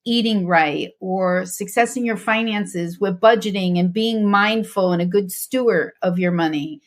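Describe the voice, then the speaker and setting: A woman's voice: mid-range voice, a little slow. A woman guest on a faith podcast, talking earnestly and reflectively about her journey, with frequent restarts.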